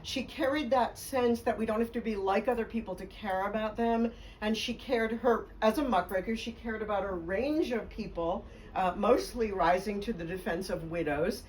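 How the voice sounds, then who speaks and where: A woman's voice: medium pitch, moderate pace, a little hiss or hum. Woman, biographer, fluent emphatic storytelling, heard from a distance. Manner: fluent, emphatic, laughs along. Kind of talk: conversational storytelling interview.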